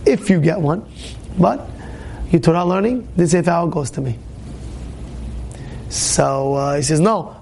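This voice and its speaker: A man preaching a Torah class in a high, gravelly voice. He repeats key phrases and breaks into shouts to drive a point home. Faint noise hums behind him. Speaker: rabbi giving a Torah class. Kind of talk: spirited storytelling sermon. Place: classroom with students.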